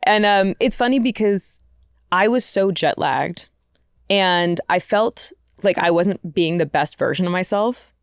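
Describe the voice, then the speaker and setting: A woman's voice: fairly low pitch, measured pace, clear, resonant tone, no room sound, clean studio sound. A woman, a comedian guest, telling a self-mocking story in casual podcast chat, laughing often.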